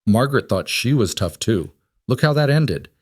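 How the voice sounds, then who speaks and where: A man's voice: medium pitch, expressive, normal speed, husky, no echo, studio quality. A man playing a smug, wealthy middle-aged bully who talks bluntly and sneers. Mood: sneering. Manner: blunt, sneering, falsely sympathetic.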